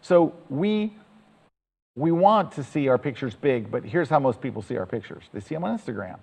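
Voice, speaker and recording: A man's voice: mid-range voice, animated, normal speed, creaky, a little mellow, breathy edge, big-room sound, poor audio. A man giving a chatty, enthusiastic storytelling talk to an audience as presenter.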